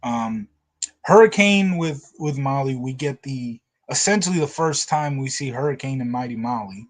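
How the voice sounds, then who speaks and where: A man's voice: mid-range voice, moderate pace. Chatty man hosting a casual review. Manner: animated retelling, acts out quotes, laughs often. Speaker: podcast host.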